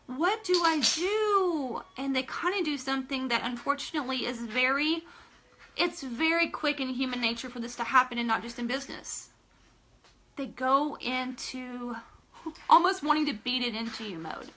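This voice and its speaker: A woman's voice: high-pitched, moderate pace, pushed and bright, a little hiss or hum. A woman giving a live motivational talk to team leaders, emphatic and direct, repeating phrases for stress and asking viewers to comment. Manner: addresses listeners directly, asks for comments.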